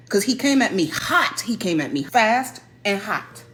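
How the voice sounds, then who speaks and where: A woman telling a personal story in a casual, animated way, stressing and repeating her points. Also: medium pitch, moderate pace, soft background music. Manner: animated, emphatic, repeats key phrases.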